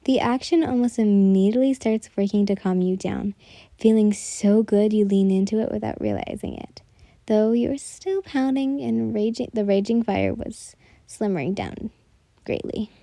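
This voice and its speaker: A woman narrates listener fanfiction in a casual manner, correcting her slips as she goes. Her voice is very dark and mellow. The sound is dry and close. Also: medium pitch, big pitch swings, moderate pace, gravelly, no echo. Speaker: fanfic reader.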